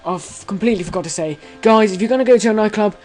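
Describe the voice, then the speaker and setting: A young man in his late teens telling a story to camera in a rambling, excitable way, full of fillers, restarts and swearing. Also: high voice, fast, faint music behind, low-quality recording. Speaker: vlogger.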